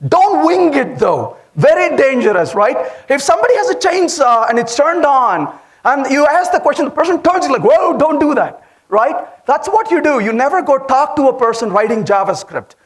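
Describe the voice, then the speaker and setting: A man with an Indian accent speaks at a conference with a very high, lively voice that swoops up and down. He tells stories and turns to the audience with questions. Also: normal speed. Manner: animated storytelling, asks the audience questions. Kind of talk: lively tech conference talk. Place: conference hall.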